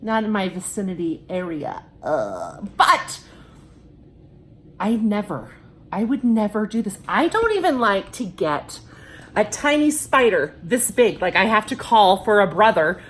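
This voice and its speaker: A middle-aged woman telling a story in a casual, chatty vlog, animated and quoting people as she goes. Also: mid-range voice, measured pace. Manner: chatty, animated, quotes people in her stories. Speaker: vlogger.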